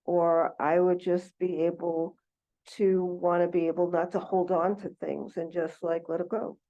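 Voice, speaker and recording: A woman's voice: fairly low pitch, level tone, a little slow, mellow. A woman in a class, asking hesitantly how to let go, often restarting as she searches for words. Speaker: class participant. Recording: dull lo-fi recording.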